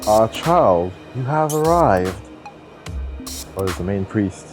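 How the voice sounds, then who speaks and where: A man voicing a creepy, soft-spoken male priest in slow, solemn tones as a mock dub over a video game. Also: fairly low pitch, expressive, soft background music, pitched below the performer's own voice.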